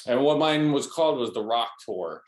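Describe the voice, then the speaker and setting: A man's voice: mid-range voice, expressive, normal speed. A man chatting casually, telling a rambling travel story with many fillers and restarts. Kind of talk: casual chat.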